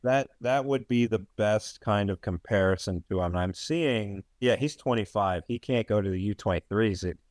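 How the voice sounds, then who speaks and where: Low-voiced male podcast host, casual and sarcastic, rambling delivery, dry close sound. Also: moderate pace, hardly any pauses, a little mellow, no room sound. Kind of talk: casual sports chat.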